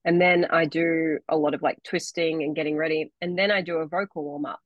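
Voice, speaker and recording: A young woman co-hosts a podcast in a relaxed, rambling way, with plenty of filler words. Her voice sits very low, and the recording is dry and close with no room sound. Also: brisk, no room sound, highs cut off. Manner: chatty, rambling with many fillers. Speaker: podcast co-host. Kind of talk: casual chat.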